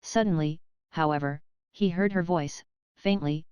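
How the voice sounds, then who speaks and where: Brief: woman audiobook narrator, measured scripted storytelling, lowish voice, very clean and dry. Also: fairly even intonation, a little mellow, clear, resonant tone, no room sound, poor audio. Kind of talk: scripted narration of a classic novel.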